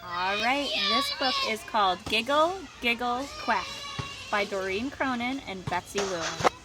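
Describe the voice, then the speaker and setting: A woman reading picture books aloud to children, expressive and asking listeners questions. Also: on the high side, a little slow, over loud music. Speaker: children's story reader. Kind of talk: picture book read-aloud. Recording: roomy echo, faint background noise.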